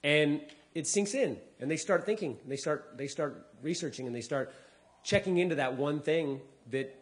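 A middle-aged man speaks to a society as a comedian, his voice sitting a little higher than most men's. He tells stories in a lively way, acting out the people he quotes and repeating words whenever he restarts a thought. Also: moderate pace. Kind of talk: storytelling talk with acted quotes.

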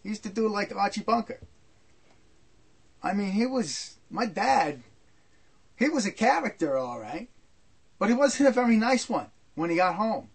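An older man recounts memories in a loose, rambling storytelling style. His voice sits noticeably high for a man. He circles back and repeats himself, tossing in asides as he goes. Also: sing-song, moderate pace, gravelly, long pauses, slightly rough. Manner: rambling, repetitive, frequent asides. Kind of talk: personal storytelling.

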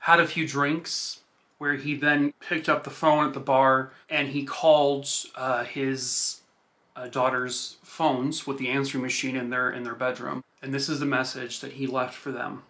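Guy hosting a true crime podcast, bright voice, casual and rambly, lots of like and i guess. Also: medium pitch, little pitch movement, measured pace. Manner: loose, filler-heavy retelling with "like" and "I guess". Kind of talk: casual narration of a crime case.

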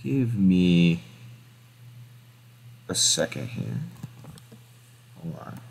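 A young man with a lowish voice talks through his sports picks in a loose, casual way. He hesitates, restarts his sentences and thinks out loud, dropping slang as he goes. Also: big pitch swings, very slow, creaky, husky.

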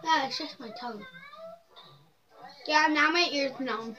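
A woman's voice: high voice, measured pace, bright, forceful tone. A young girl speaking casually with a numb mouth after a dental visit, her words a little slurred. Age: child. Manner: slightly slurred speech. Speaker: vlogger. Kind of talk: casual chat.

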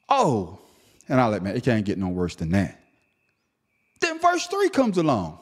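A man hosting a podcast, giving an animated solo commentary that swings between a low grumble and high-pitched outrage, often stammering. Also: unhurried, pauses often. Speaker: podcast host.

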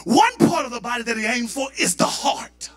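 A man preaching a fervent Pentecostal sermon, rising into shouted, impassioned delivery. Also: very high voice, huge pitch swings, moderate pace. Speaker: pastor. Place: church sanctuary.

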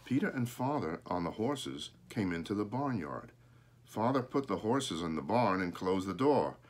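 Man, storybook reading, expressive, husky, lively. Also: lowish voice, moderate pace. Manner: expressive, showing pictures. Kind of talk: reading a picture book aloud.

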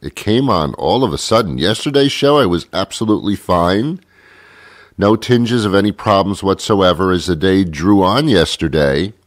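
Man, radio host, stuffy with a cold, low voice, lively rambling delivery, dry sound. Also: moderate pace, dry recording. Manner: rambling, jokey, animated. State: congested with a cold. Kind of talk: comedic radio monologue.

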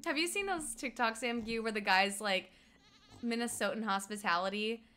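A young Colorado woman livestreams while gaming, chatting casually and giggling with her stream chat and slipping into mock accents. Her voice sits on the high side, bright and pushed, at a normal speed.

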